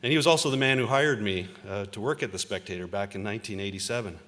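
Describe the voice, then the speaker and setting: A fairly low-voiced man in his fifties gives a convocation speech from a podium. He tells stories from his career in an easygoing, self-deprecating manner and often pauses on "uh". The sound carries a long reverb from a large hall. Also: a bit bright. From Ontario, Canada. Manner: conversational storytelling, self-deprecating, with frequent uh fillers. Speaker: convocation speaker, journalist. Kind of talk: convocation address with personal stories.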